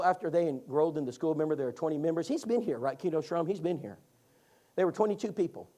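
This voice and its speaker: A man teaching a Bible class, telling stories in a folksy, animated way. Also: a little high. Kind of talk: lively classroom storytelling.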